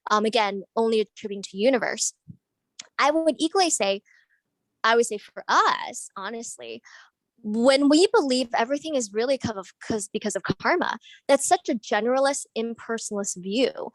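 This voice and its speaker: A woman's voice: a little high, dry recording, low-quality recording. A woman earnestly asking a long question in an online group discussion, thinking aloud with restarts as she searches for words. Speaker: audience member asking a question.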